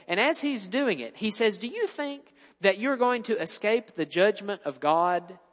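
Male preacher, earnest and explanatory, high-ish voice, reverberant church hall. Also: fairly bright tone. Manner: earnest, explanatory, quotes scripture. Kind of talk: sermon.

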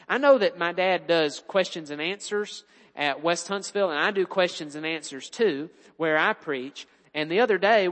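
Guy preaching a sermon, fairly high voice, long echo like a big church hall. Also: fairly bright tone. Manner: earnest, explanatory, quotes scripture.

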